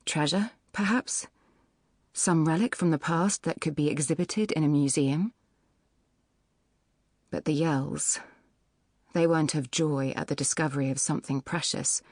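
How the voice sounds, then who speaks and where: A woman narrating a novel in the first person with a measured, even storytelling delivery. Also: low-pitched, dry recording, studio quality. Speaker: audiobook narrator. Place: recording studio.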